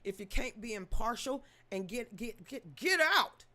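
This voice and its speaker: Running a live news commentary stream, this woman talks with emotion and swearing, repeats herself in stammering bursts, and calls out viewers in the chat by name. She sounds fairly high, animated and bright, with a forceful tone and a slightly slow pace.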